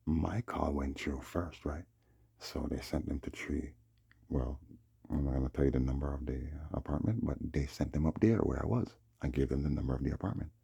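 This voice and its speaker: Man, agitated vlog rant; very low, raspy voice with fry, mellow, dry close mic. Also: dry recording. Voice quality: husky, gravelly. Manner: agitated, repeats himself, acts out the other people's lines. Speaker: vlogger. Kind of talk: rambling monologue recounting a dispute.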